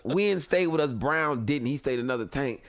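A man spins a comic story in a relaxed chat, jumping between voices and laughing as he goes. His voice swings widely in pitch and has a gravelly edge. The sound is dry and close, as if recorded on a studio mic. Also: normal speed, no echo. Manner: animated storyteller, acts out voices, laughs often. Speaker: comedian guest. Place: home studio.

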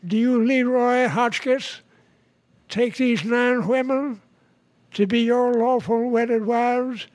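A man in his nineties voicing a small-town preacher at a wedding, in slow, drawn-out joke delivery. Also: extremely high pitch, steady tone. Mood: solemn. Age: 90s. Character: small-town preacher marrying a crowd of brides.

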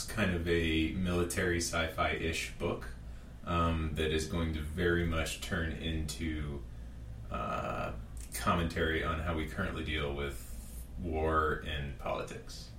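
A man with a very deep voice speaks as a podcast guest, hesitant and full of fillers. He sounds distant from the mic in a roomy space with a faint hum behind. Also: slow, a bit bright. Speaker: guest, author. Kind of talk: casual chat. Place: separate room.

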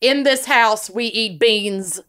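A woman's voice: on the high side, takes it slowly, pushed and bright. A woman co-hosting a podcast from her office, chatting casually in a playful, joking, enthusiastic way. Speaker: podcast co-host. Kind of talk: casual chat.

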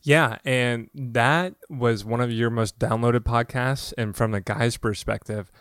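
A man in his twenties is a guest on a casual podcast. He talks in a relaxed way, teases the host, and laughs along. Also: medium pitch, measured pace, smooth, dry recording, clean studio sound. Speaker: podcast guest, host's fiancé.

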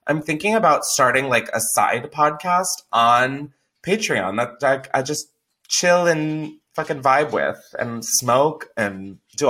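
Young man, podcast host, bright voice, candid, swears freely, casual chat. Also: medium pitch. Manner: candid, profane, laughs often.

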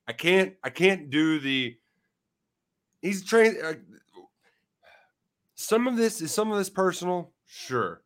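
A man's voice: medium pitch, pushed and bright. A man co-hosting a sports podcast in a playful, self-mocking way, tripping over restarts as he gives his take. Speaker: podcast co-host. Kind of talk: casual sports betting chat.

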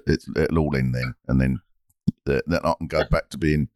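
A man's voice: very deep voice, fairly even intonation, normal speed, a little mellow, no room sound, studio quality. A middle-aged man from Britain hosting a comedy podcast, rambling and sweary in a chatty way. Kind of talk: casual chat.

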